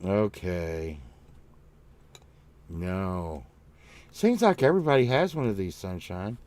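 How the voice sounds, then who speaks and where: Slow-talking, rambling joking man. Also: deep voice, expressive, a little mellow. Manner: rambling, repetitive, joking, swears casually. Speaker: livestream co-host. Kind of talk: casual livestream chat.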